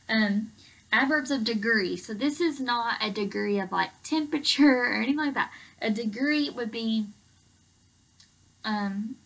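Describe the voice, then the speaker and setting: Gravelly-voiced woman teaching a grammar lesson. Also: mid-range voice, fairly bright tone, low-quality recording. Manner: chatty, explains with everyday examples, many fillers. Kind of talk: recorded remote English lesson.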